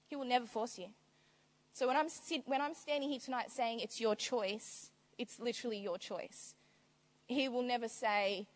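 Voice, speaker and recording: A woman preaching a sermon in an animated, bubbly way, laughing often and acting out little quoted voices. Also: fairly high pitch, unhurried. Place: large hall with long reverb. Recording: reverberant hall recording.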